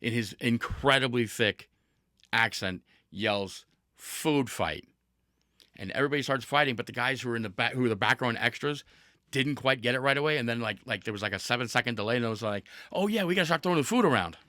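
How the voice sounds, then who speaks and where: Speaking fast with a bright, forceful tone, a man energetically tells a story on his casual podcast. He laughs and restarts as he goes, and the clean studio recording has no echo.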